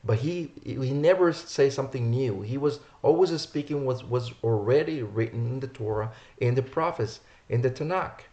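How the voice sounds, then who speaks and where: A man's voice: mid-range voice, normal speed, few pauses, warm tone. A man preaching a sermon, reading verses aloud and repeating key words for emphasis. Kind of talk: sermon teaching from scripture.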